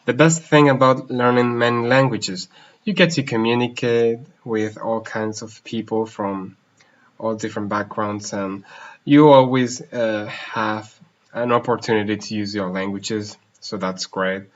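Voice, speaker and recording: A man's voice: on the low side, steady tone, a little slow. A man hosting a casual live question-and-answer stream as a language teacher, reading viewer questions and hopping between languages. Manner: switches languages mid-sentence, reads questions aloud. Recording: slightly dull lo-fi stream audio.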